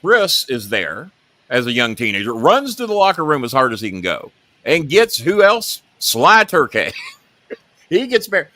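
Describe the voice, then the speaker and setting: A man's voice: medium pitch, wildly swooping pitch, normal speed, pushed and bright, no room sound. A middle-aged man hosting a talk show, telling a long story and acting out the quotes in it.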